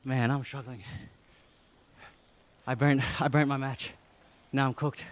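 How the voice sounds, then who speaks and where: A man's voice: mid-range voice, little pitch movement, unhurried, muffled recording. A man from Australia with an Australian accent, live-streaming and reading out chat while he cycles on an indoor trainer. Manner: reads chat aloud and thanks viewers, breathy from exertion.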